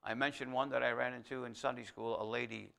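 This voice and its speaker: A male preacher with a bright, forward, medium-pitched voice and vocal fry delivers a homey, conversational sermon at a quick pace with fairly even intonation. He breaks into asides and restarts, then builds to loud, emphatic exhortation.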